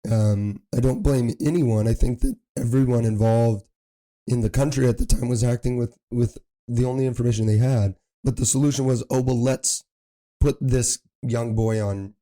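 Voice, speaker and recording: Hoarse man with a dark voice. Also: medium pitch. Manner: talks in long runs, pressing his point. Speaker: podcast host. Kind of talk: casual chat.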